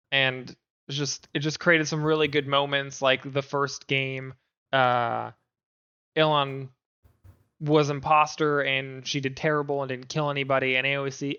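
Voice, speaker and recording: A man's voice: medium pitch, sharp tone, clear, resonant tone, muffled recording. A man co-hosting a gaming podcast, chatting casually with lots of fillers and restarts. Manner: rambling, many fillers and restarts. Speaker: podcast co-host. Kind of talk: casual chat.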